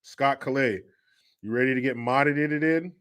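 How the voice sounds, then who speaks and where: A man's voice: medium pitch, a little slow, a bit bright, clean tone. A man hosting a livestream, telling family stories in a joking, crude way and laughing often. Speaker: host. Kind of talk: casual livestream talk.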